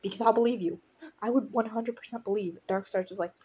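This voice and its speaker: A woman's voice: medium pitch, steady tone, fast talker, warm tone, slight background noise. A woman reading a fan story aloud, breaking off to laugh and react to it. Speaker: audiobook reader of a fan story. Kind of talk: casual reading with commentary.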